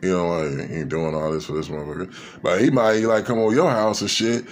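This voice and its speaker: A man's voice: sits low, fairly even intonation, fast talker, a little hiss or hum. Guy rambling on camera, cussing a lot, tons of "you know" and "like". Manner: rambling, profane, many fillers. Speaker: vlogger. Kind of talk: casual reflective monologue.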